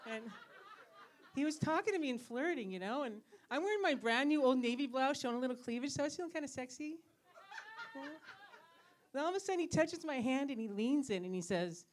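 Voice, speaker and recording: A woman's voice: sits high, expressive, a little fast. A woman performing a stand-up comedy set as a pharmacist on a club stage, teasing the audience with questions. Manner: teasing, asks the crowd questions.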